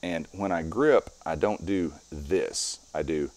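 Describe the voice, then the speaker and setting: A man's voice: a bass voice, slow pace, darkish tone, no room sound. A middle-aged strongman guest talking casually in an interview, explaining his methods step by step as he demonstrates.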